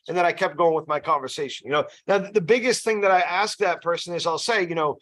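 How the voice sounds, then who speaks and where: A man's voice: sits high, fast, hardly any pauses, a bit bright. A man running a casual sales training session, chatty and loose, often checking in with "you know" and "right?". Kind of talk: casual team training talk.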